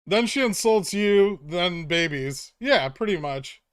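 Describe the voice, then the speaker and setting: Male streamer host, higher-pitched smooth voice, dry close mic, crude joking banter with chat. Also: lively intonation, slow, no room sound. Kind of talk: casual live-stream chat.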